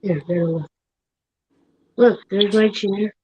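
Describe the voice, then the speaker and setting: A woman's voice: mid-range voice, fairly even intonation, slow pace, mellow, husky, no room sound, dull audio. A woman hosting a casual livestream chat from her home room, telling stories in a rambling, giggly way.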